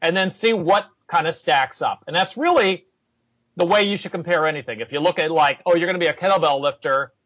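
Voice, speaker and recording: A man's voice: fairly high pitch, fairly quick, no room sound. A man talking fitness in a casual chat, telling anecdotes and acting out the people he quotes. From United States. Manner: animated storyteller, acts out quoted people. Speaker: fitness coach. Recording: dull, slightly lo-fi sound.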